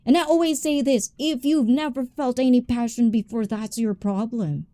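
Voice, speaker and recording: A woman hosting a live stream, chatting with viewers in an animated, passionate way and switching between English and Tagalog. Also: a little high, moderate pace, no echo. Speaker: livestream host.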